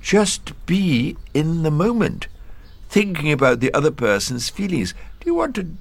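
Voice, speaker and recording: A man in his sixties playing a dry, deadpan counsellor who also chats softly to his dog. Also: a little high, normal speed, vocal fry, no room sound. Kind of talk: scripted comedy dialogue.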